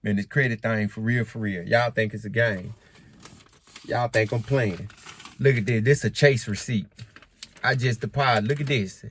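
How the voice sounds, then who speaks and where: A man vlogging casually to camera in African American Vernacular English, animated and emphatic, often repeating himself. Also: on the low side, moderate pace. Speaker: credit and finance vlogger.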